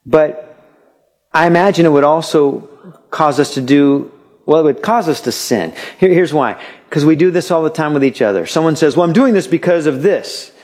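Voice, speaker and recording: A man's voice: fairly high pitch, lively intonation, normal speed, a little mellow. A man preaching a sermon in a conversational way, asking rhetorical questions and acting out little quoted exchanges. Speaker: pastor.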